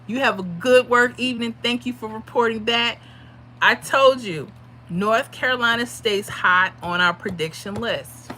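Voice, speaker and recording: Bright-voiced tired woman streamer. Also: fairly high pitch, a little slow, a little hiss or hum. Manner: chatty, reads out viewer comments. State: tired from little sleep. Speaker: livestream host giving lottery predictions. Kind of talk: casual livestream chat.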